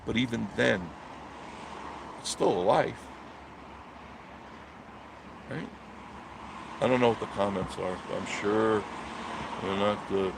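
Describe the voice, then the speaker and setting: A man's voice: fairly low pitch, takes it slowly, creaky, long pauses, noisy background. A man hosting a live stream, delivering a blunt, preachy monologue and answering viewer comments.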